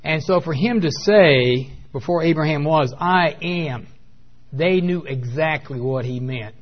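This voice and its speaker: Preacher, male, slightly high voice, halting delivery full of fillers, lo-fi audio. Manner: hesitant with many fillers, emphatic on key words. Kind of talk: Bible teaching sermon.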